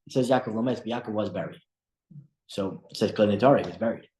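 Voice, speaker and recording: A man teaching a religious study class as a rabbi, telling stories in an animated way with frequent restarts. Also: lowish voice, a little fast. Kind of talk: storytelling religious lesson. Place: room at a breakfast study group. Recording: echoey room.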